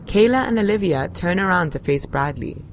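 A woman's voice: lowish voice, lively intonation, moderate pace, a little hiss or hum. A woman reading scripted narration in a dry, matter-of-fact way.

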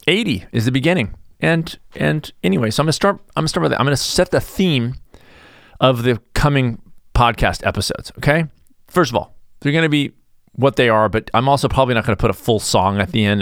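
A man's voice: medium pitch, expressive, brisk, creaky, a bit bright, dry recording, studio quality. A middle-aged man hosting his own podcast, talking in a rambling, jokey way with mock-defensive asides. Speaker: podcast host. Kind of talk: casual solo podcast monologue.

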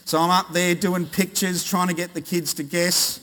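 Australian male pastor, bright high voice, playful with the congregation, sermon in a long-echo hall. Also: level tone, normal speed. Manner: jokey, quizzes the congregation. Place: large church hall. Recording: reverberant church hall.

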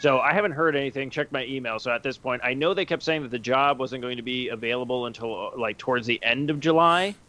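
A man chatting casually on a podcast, telling animated stories and acting out the people in them. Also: medium pitch, quick pace, few pauses. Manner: animated storyteller, acts out other voices. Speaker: podcast co-host. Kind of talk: casual chat.

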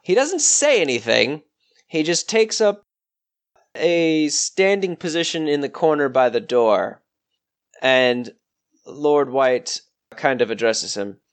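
Slow, measured game master man. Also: fairly high pitch, lively intonation. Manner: descriptive, measured storytelling. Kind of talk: narrating a tabletop game.

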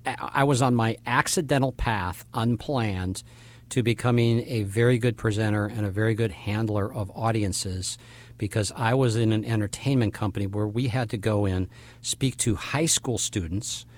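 A man in his fifties hosting an interview, talking quickly and casually. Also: on the low side. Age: 50s. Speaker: podcast host.

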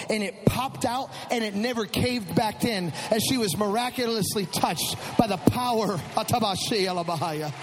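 A man preaching a sermon testimony, swinging from hushed prayer to loud, impassioned shouting. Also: high voice, normal speed, few pauses, in a large hall, background noise. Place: church.

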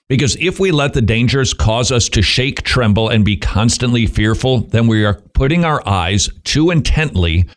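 Animated man giving wry devotional talk. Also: mid-range voice. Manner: animated, with wry self-mocking asides and rhetorical questions. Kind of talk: devotional commentary.

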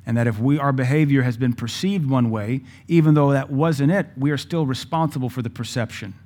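A man's voice: mid-range voice, brisk, a little mellow. A man preaching a sermon, telling a personal story in a conversational way and quoting scripture in old English. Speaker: pastor.

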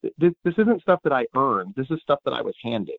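A man in casual chat, speaking in a reflective, halting way with many restarts. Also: mid-range voice, sing-song, vocal fry, no echo. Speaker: podcast guest. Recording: tinny phone-like line.

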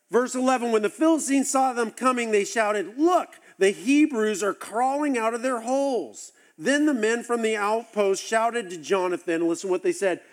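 A man preaching a sermon, telling the story with animated, acted-out asides. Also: high-pitched. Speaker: pastor.

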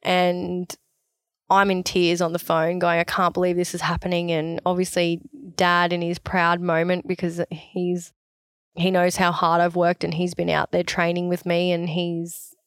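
A young Australian woman, an athlete, telling her story in a chatty, animated way, full of "like" and quoted dialogue. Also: lowish voice, unhurried, clear, resonant tone, no room sound, studio quality. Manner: chatty, animated, quoting herself with "like". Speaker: athlete interviewee. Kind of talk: casual storytelling interview.

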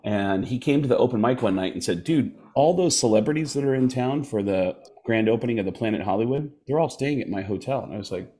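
A stand-up comedian telling a story in casual chat, jumping into voices as he goes. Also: lowish voice. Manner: animated storyteller who slips into voices. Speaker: comedian guest.

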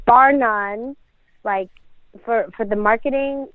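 A woman's voice: a little high, slow, a little hiss or hum. A woman co-hosting a casual podcast, chatty and laughing, with many fillers. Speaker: podcast co-host, dental practice owner. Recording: tinny phone-like sound.

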